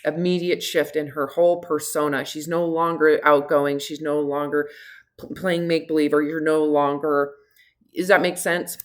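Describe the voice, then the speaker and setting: Low-voiced woman coach, middle-aged, direct and lively, talking a client through personal issues. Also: normal speed. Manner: direct, frank, animated, laughs easily. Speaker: health coach. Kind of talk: one-on-one consultation.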